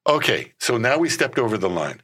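A man's voice: mid-range voice, brisk, slightly rough. A man who leads a ministry, explaining his work in an interview and acting out the conversations he has. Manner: acts out conversations, animated storyteller. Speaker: ministry leader.

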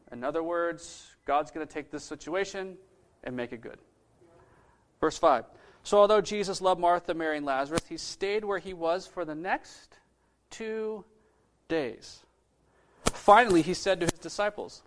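High-voiced conversational male preacher. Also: normal speed, long pauses. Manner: conversational, asks the audience questions. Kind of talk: sermon.

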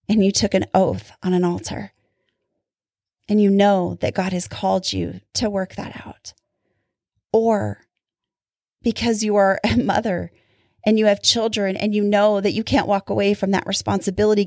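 A woman's voice: medium pitch, no echo, clean studio sound. A woman giving a conversational Bible teaching, laughing now and then and acting out prayers as quoted speech. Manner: warm, often laughs, acts out prayers in quotes.

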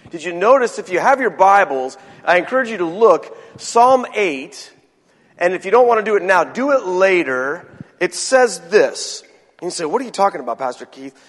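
A male pastor delivers a casual, conversational sermon, pausing to restart his phrases and tossing in jokes. His voice sits a little high, and a long reverb from the church hall trails each line. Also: lively intonation, a bit bright. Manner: chatty, joking asides, halting restarts. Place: church sanctuary.

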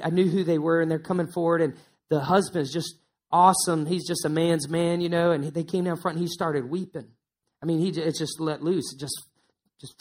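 A man pastor preaching a sermon in a conversational way, repeating words for emphasis. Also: on the high side.

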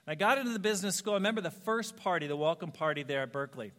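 A man preaching a storytelling sermon, animated and self-mocking, laughing at his own stories. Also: a little high, racing. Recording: long reverb of a large hall.

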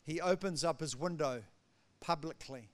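A man preaching a sermon as pastor, emphatic, swinging between loud declarations and quiet asides. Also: on the high side, moderate pace.

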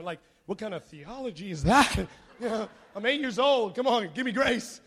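A man preaching a sermon, telling a childhood story in a playful, animated way and calling on the congregation to answer back. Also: sits high, moderate pace.

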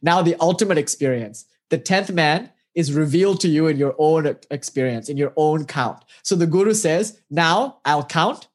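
A spiritual teacher telling parables in an animated, casual way, often asking the listener rhetorical questions. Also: mid-range voice, moderate pace, hardly any pauses. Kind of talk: storytelling talk with parables.

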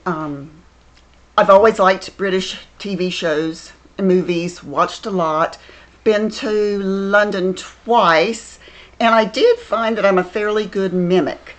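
A woman with a Southern American accent, a stage actor chatting thoughtfully in an interview with frequent pauses. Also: mid-range voice. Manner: thoughtful, many ums. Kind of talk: casual interview chat.

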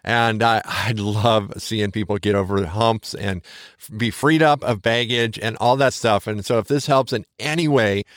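A man's voice: on the low side, normal speed, no echo, clean studio sound. Candid man rambling on his podcast. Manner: candid, rambling, self-deprecating. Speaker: podcast host. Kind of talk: casual solo podcast talk.

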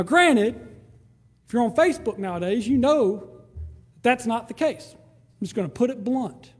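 A man's voice: very high voice, slightly rough, big-room sound. A man preaching a sermon in a conversational way, acting out prayers and quoted voices. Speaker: pastor.

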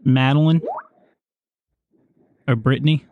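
A man's voice: medium pitch, fairly even intonation, slow pace, no room sound, narrow, tinny audio. A man making a casual, chatty prank call and laughing along. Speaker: prank caller.

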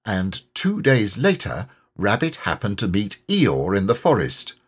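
A man narrating a children's classic audiobook in an unhurried, expressive storytelling manner. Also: on the low side, husky.

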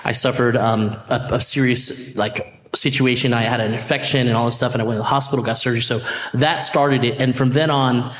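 An animated man tells a story and acts out the voices in it. His voice rings in a roomy space with a long reverb tail. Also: mid-range voice, brisk. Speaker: band leader. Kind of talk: storytelling in a live-streamed chat. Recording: echoey room with long reverb.

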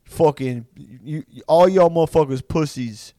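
A man's voice: a little high, measured pace, mellow, no echo, close to an everyday voice. A man doing an impression of a brash, profane male cage fighter, swaggering and taunting.

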